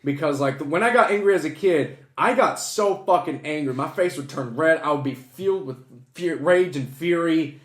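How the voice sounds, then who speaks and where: Young male host, high voice, lively story-teller, echoey room. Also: moderate pace. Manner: animated, swearing, acts out voices in anecdotes. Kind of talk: casual storytelling chat.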